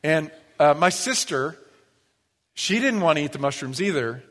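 A man's voice: on the high side, normal speed. Pastor guy preaching, chatty storytelling, long church echo. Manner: storytelling, animated, acts out quoted voices. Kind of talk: sermon. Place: church sanctuary.

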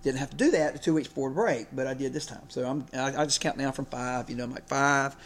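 A man's voice: medium pitch, fast, slight background noise. A man preaching a sermon. He talks conversationally, repeats himself and keeps checking in with the congregation. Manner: conversational, often checks in with "okay?" and "right?"; repeats himself and restarts phrases.

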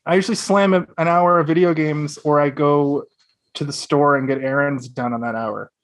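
A man co-hosting a casual podcast, animated and swearing freely as he acts out quotes. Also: fairly high pitch, moderate pace. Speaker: podcast co-host. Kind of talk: casual chat.

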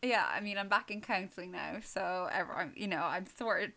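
Hesitant soft-spoken young woman. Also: mid-range voice, a little fast, gravelly. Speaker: podcast co-host. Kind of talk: casual chat.

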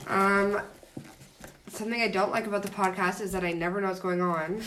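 A woman's voice: mid-range voice, steady tone, brisk, fairly bright tone, slight background noise. A young woman on a casual podcast, protesting in a playful way.

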